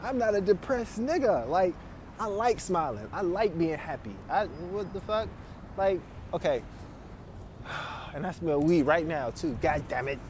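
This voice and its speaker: Man, casual storytelling, profane, laughs often, highish voice. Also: lively intonation, unhurried, darkish tone, slight background noise. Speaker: podcast host.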